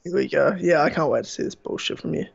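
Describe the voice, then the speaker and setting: A man co-hosting a casual podcast in a fairly high voice, blunt and sarcastic with plenty of swearing. His mic sounds a little dull and lo-fi. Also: quick pace, gravelly, breathy edge. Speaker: podcast co-host.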